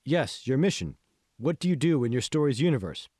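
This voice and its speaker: A man's voice: mid-range voice, very animated, a little fast, mellow, dry recording, studio quality. A man voicing an eager young male TV reporter with a pushy questioning manner.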